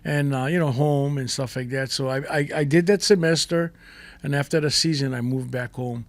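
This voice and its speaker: An older man from Hawaii, a guest chef telling stories in a lively, casual way with pidgin turns. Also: medium pitch, moderate pace, no echo. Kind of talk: casual storytelling.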